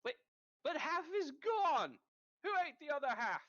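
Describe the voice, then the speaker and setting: A man with a Norwegian accent voicing a greedy, hot-tempered middle-aged man who rants and whines in a shrill voice. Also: very animated, a little slow, fairly bright tone, smooth, dry recording, exaggerated voice. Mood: indignant. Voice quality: shrill and whining. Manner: ranting, self-pitying outbursts. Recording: muffled lo-fi mic.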